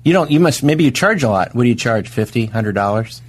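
Husky man hosting, teasing. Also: medium pitch, lively intonation. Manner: playful teasing, halting with fillers. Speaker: podcast host. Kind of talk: improvised comedy banter.

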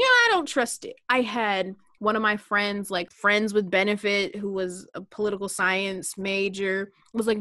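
A young woman co-hosting a casual chat, telling a story in an animated, joking way. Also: medium pitch, no echo, studio quality.

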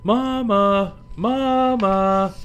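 A man's voice: fairly even intonation, drawn-out words, clear, resonant tone, heavily acted. A man voicing a playful little female bear cub in a storybook reading, calling out in a raised voice. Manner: calling out high and loud.

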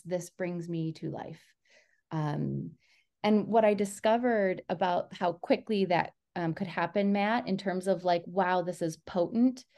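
A woman researcher who studies education, speaking in an earnest, casual interview manner and using a lot of "like" fillers. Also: lowish voice. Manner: earnest, filler-heavy, says "like" often; animated storyteller. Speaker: education researcher, podcast guest.

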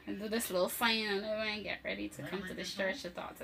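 Animated woman in her twenties. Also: mid-range voice, quick pace, vocal fry, background noise. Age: 20s. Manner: animated, acts out quoted voices, laughs often. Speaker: co-host telling her testimony. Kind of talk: casual storytelling.

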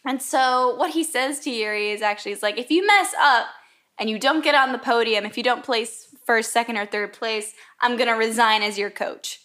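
A woman co-hosting a casual podcast, recapping an anime with lively swearing and acted-out quotes. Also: fairly high pitch, fairly quick, hardly any pauses. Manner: animated, swears, acts out quotes. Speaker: podcast co-host.

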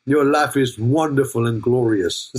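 Here an older man's husky, darkish voice sits mid-range and moves a little slowly as he preaches. As pastor, he keeps the sermon jokey and playful, laughing and calling out to the congregation by name to ask if they're listening.

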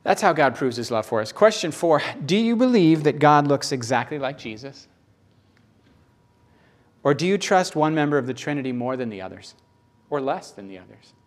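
A middle-aged male preacher talks to his congregation in a loose, conversational way. He tells personal stories with strong emotion. His pitch leaps up in excited moments and sinks to a hush in the tender ones. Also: normal speed. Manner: conversational, emotional storytelling with sudden rises in pitch. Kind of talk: sermon.

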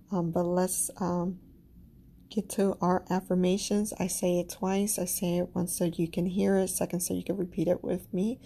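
A woman with a Caribbean accent hosting a podcast, leading spiritual affirmations slowly and calmly and saying each one twice, sometimes dropping to a soft whisper. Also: lowish voice, slightly rough. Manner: slow, calm, repeats each affirmation twice. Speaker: podcast host.

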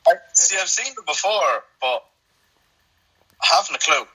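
A man's voice: high voice, lively intonation, moderate pace, pushed and bright, breathy edge, poor audio. A young Irish man, a quiz contestant, who answers hesitantly and laughs nervously. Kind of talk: casual chat.

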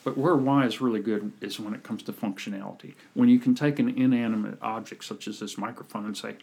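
Husky man telling animated stories. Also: lowish voice, fast talker. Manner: animated storyteller, acts out quoted people. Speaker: podcast guest, communication coach. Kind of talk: casual storytelling chat.

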